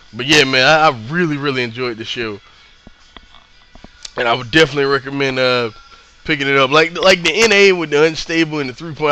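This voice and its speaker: Bright-voiced man, chatty and excitable. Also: on the high side. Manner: laid-back and excitable, laughs often, slangy, repeats himself. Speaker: wrestling show reviewer. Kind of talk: casual unscripted review.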